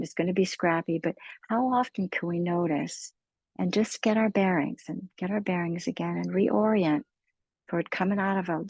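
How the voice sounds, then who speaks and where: A woman leading a guided mindfulness talk with a low, husky, slightly gravelly voice. She speaks slowly and gently, in a soothing, unhurried way. The sound is dry and close, with no room around it. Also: no echo, poor audio. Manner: slow, gentle, soothing delivery. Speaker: meditation teacher.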